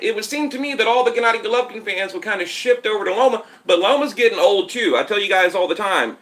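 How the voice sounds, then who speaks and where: A man's voice: high-pitched, bright, forceful tone. A man hosting a boxing channel live stream, chatting casually and rambling to his viewers while reading their comments from a tablet at home. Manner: rambling, talks straight to viewers, reads comments. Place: home setup in Texas.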